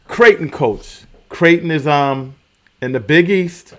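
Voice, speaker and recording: A man's voice: a little high, takes it slowly, fairly bright tone. Emphatic male commentary host. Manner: emphatic, repeats key phrases. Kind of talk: casual commentary.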